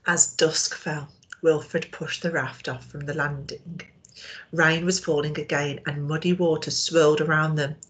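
A woman teacher reading a storybook aloud to young children, expressive and asking them questions. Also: low-pitched, a little slow.

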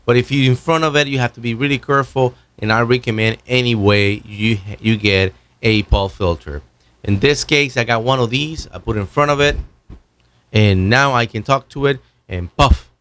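A man hosting a video, casually demonstrating microphones at his home studio desk and talking in a loose, halting way with many restarts. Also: mid-range voice, fairly bright tone. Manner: loose, halting talk with many restarts while moving around the mic. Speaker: video host reviewing microphones. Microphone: broadcast microphone on an arm, at varying distance.

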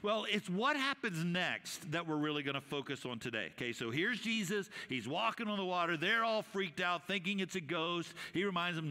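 A man's voice: fairly high pitch, sing-song, moderate pace, few pauses, bright, forceful tone. A man preaching a conversational sermon as senior pastor, with frequent fillers and restarts. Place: church sanctuary. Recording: reverberant church hall.

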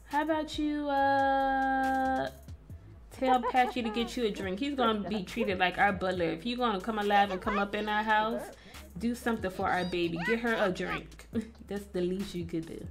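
Woman, casual game commentary, chatty, playful, mid-pitched voice, faint music behind. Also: steady tone, normal speed. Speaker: gaming video host. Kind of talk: casual let's-play commentary.

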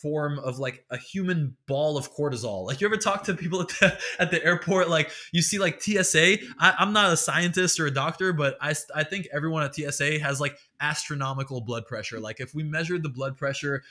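A man's voice: fairly high pitch, a little fast, hardly any pauses, sharp tone. A man hosting a podcast who delivers a rambling, exasperated comic rant full of profanity. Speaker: podcast host. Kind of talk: comedic solo rant.

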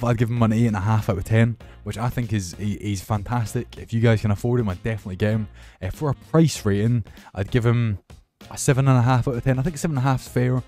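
A young man commentating his football video game with excitable, sweary banter. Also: mid-range voice. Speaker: gaming YouTuber. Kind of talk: casual gameplay commentary.

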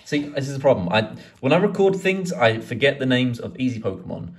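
A man chatting casually as he opens card packs, swearing and rambling excitedly. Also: mid-range voice, brisk, noisy background. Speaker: card collecting YouTuber. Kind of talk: casual pack-opening vlog.

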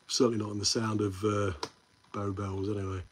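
A man with a lowish voice and a Midlands English accent hosts an easygoing live stream against a noisy background. He meanders in his talk and responds to comments from viewers, chatting amiably and calling them mate.

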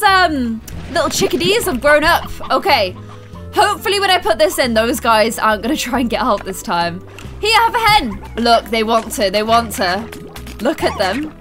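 A woman hosting a let's play video, chatting excitedly to viewers and gasping and squealing at the game. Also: fairly high pitch, moderate pace, soft background music. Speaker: gaming video host.

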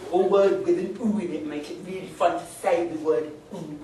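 A man's voice: on the high side, fairly even intonation, normal speed, mellow, distant mic. Young man, pub comedy compère, jokey and self-mocking, echoey room, crowd murmur behind. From England. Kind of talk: stand-up compèring. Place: pub function room, live audience. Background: room noise, crowd murmur.

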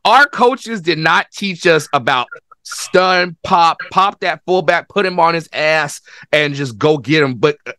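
A man about thirty with a bright, forceful voice, recorded close and dry. He hosts a casual football chat, laughing along and swearing now and then. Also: on the high side, animated, a little slow, no room sound. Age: 30s. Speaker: interview host, football coach.

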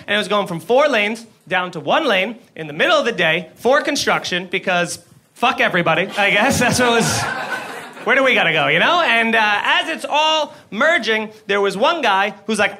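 A man doing an animated stand-up comedy set, swearing freely, laughing and shouting his punchlines. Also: very high voice, background noise. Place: comedy club stage before a live audience. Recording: live club room with audience laughter.

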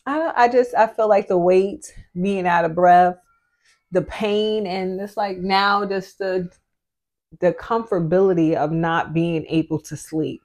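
A woman's voice: on the low side, steady tone, unhurried, darkish tone. A pregnant woman in her thirties, a family vlogger talking candidly with her husband in a casual sit-down chat, full of "like" fillers. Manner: candid, chatty, with many "like" fillers. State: pregnant, often out of breath.

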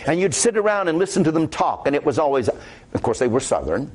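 A man's voice: on the high side, sing-song, brisk, darkish tone. A man with a Midwestern American accent preaching a sermon as pastor, conversational and quoting scripture aloud.

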